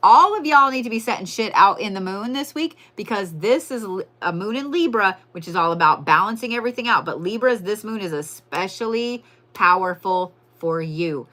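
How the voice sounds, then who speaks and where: A bold, swearing woman with a drawl, hosting a live tarot reading. Her voice is bright and edgy, and her pitch swings widely as she repeats her points for effect. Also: lively intonation, moderate pace. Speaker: tarot and zodiac reader, livestream host. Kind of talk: live-stream tarot reading, casual and profane.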